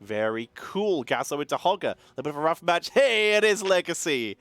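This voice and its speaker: A man casting a live esports match, energetic and chatty, wired on caffeine and thanking subscribers between calls of the play. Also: fairly high pitch, brisk, no room sound. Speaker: esports caster.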